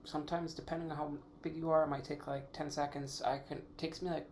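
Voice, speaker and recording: On his own podcast, a man thinks out loud in a loose, wandering way, fixing his words as he goes and occasionally cursing. His voice is a little high with little pitch movement, slightly fast and darkish in tone, and there's some faint background noise.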